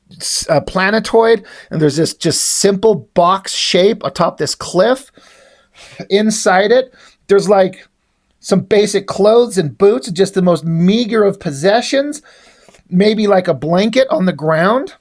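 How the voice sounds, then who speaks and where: A man's voice: sits high, expressive, slow, long pauses, darkish tone. A man casually retelling the plot of a comic issue, reading its dialogue aloud in his own voice with only small shifts for the characters. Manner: reads dialogue aloud with little character voicing. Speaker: comic book reviewer.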